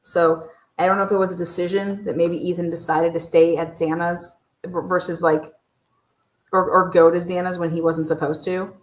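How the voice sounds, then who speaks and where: A woman hosting a casual livestream, ranting in a profane, exasperated and sarcastic way, her voice slightly hoarse. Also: lowish voice, flat delivery, moderate pace, echoey room, low-quality recording. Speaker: true crime livestream host.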